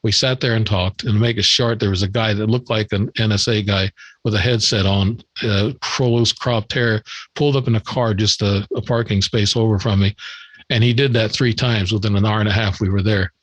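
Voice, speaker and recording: A man's voice: on the low side, fairly even intonation, normal speed, no room sound, low-quality recording. An older man, a podcast guest, telling a long story in a rambling way, repeating words and acting out the dialogue. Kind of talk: storytelling in an interview.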